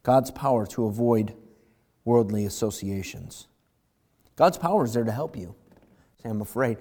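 A man's voice: mid-range voice, normal speed. Dynamic male preacher. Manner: dynamic preacher, swings from loud emphatic to hushed. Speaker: pastor. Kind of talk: sermon.

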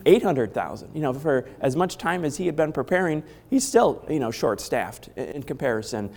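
A man with a hoarse voice from a head cold, preaching a sermon in a chatty way and asking the congregation questions. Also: medium pitch, expressive, brisk, darkish tone. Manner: conversational, asks the congregation questions. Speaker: pastor. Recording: long hall reverb.

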